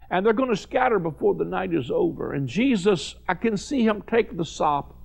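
A man's voice: sits high, expressive, normal speed, gravelly, hardly any pauses, breathy edge. A man preaching a sermon to viewers, fervent and emphatic, repeating phrases for stress. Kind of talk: televised sermon.

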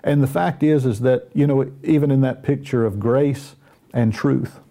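A man's voice: mid-range voice, steady tone, normal speed, dark tone. A middle-aged man with a Southern US accent, a minister telling folksy, self-deprecating stories in a casual Christian talk show chat. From Southern United States.

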